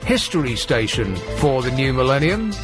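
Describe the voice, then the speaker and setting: A man's voice: medium pitch, sing-song, normal speed, over music. A man hosting a late-night radio phone-in, dry and sardonic, joking with callers and studio staff at a studio microphone. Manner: dry, sardonic and mock-outraged.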